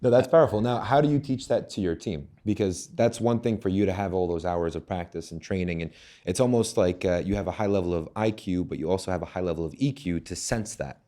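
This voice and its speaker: A man with a very low, dark, mellow voice hosts the interview. He asks probing, inquisitive questions about how his guest handles people. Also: fast. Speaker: podcast host.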